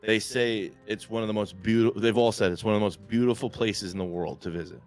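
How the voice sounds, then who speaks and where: A man's voice: fairly low pitch, steady tone, fast talker, faint music behind. A married man, a podcast guest chatting bluntly and jokingly. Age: adult. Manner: blunt, jokey, emphatic. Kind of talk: casual chat.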